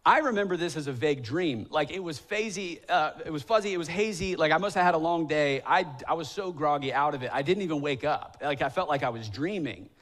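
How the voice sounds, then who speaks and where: Man, 30s, pastor, sermon, fairly high voice, conversational, self-deprecating, church sanctuary. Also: lively intonation, fairly quick, hardly any pauses, fairly bright tone. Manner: acts out quoted voices, rising to emphatic pleading.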